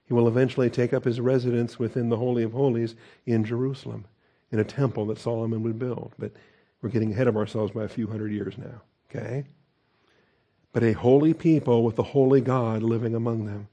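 Mellow-voiced man preaching a casual sermon. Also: medium pitch, fairly even intonation, fairly quick, lo-fi sound. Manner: conversational, humorous asides. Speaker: pastor teacher.

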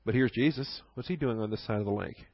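A man's voice: mid-range voice, fast, breathy edge, no room sound, highs cut off. Seorang pendeta pria menyampaikan khotbah pendalaman Alkitab dengan gaya santai dan bercakap, sering menyelipkan candaan dan tawa kecil. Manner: conversational, joking asides with chuckles. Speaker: pastor. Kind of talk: sermon.

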